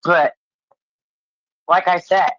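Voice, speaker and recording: A woman's voice: on the low side, fairly even intonation, very slow, no echo. A woman co-hosting a casual livestream chat, blunt and profane, teasing her co-host. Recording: dull lo-fi stream audio.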